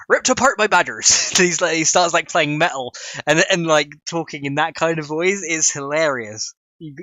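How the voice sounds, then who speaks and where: A man's voice: fairly high pitch, pushed and bright, dry recording. A man casually chatting on a livestream while coding, reading chat aloud and constantly cracking up with laughter. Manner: giggly, keeps breaking into laughter; reads chat messages aloud. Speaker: streamer.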